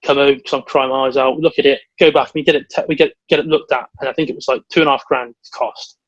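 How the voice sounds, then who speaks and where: A man's voice: mid-range voice, no room sound, muffled recording. A young man from England, co-hosting a podcast and telling long, rambling stories in casual chat. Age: young adult. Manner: rambling storyteller, quick and excitable. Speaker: podcast co-host.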